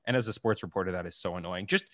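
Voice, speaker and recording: A young man, a sports reporter guest talking through his gripes in a measured, matter-of-fact way. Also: low voice, a bit bright, no room sound, clean studio sound. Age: young adult. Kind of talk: casual sports chat.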